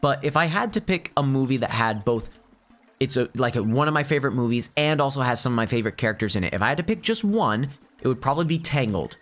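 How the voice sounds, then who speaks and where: A man's voice: mid-range voice, expressive, fast talker, a bit bright. A young man giving casual gameplay commentary, rambling and hesitant, often restarting his sentences. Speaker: let's play host.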